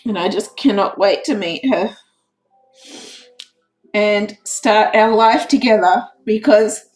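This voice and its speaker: A woman hosting a casual crafts livestream, emotional and teary, repeating herself with excitement. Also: mid-range voice, takes it slowly, faint music behind, poor audio. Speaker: crafts channel host.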